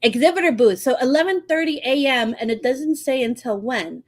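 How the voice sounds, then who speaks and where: A woman's voice: sits high, lively intonation, fairly quick. A woman from New York with a New York accent, hosting a casual podcast chat and laughing often. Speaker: podcast host.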